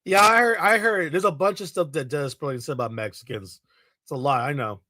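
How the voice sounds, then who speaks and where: A man's voice: fairly high pitch, brisk, bright, forceful tone, no echo, clean studio sound. A man hosting a livestream, ranting heatedly and profanely, talking back to his chat. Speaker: livestream host.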